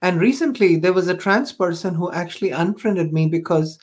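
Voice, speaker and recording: A woman guest on a podcast shares personal stories in conversation, earnest and reflective, with frequent ums and you-knows. Her voice is on the low side and a little mellow, at normal speed.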